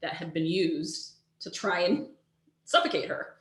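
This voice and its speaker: A woman co-hosting a podcast, telling a true-crime story in casual chat, animated, with lots of "like" and the odd swear word. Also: on the low side, a little slow, echoey room. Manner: animated, swears freely, says "like" a lot.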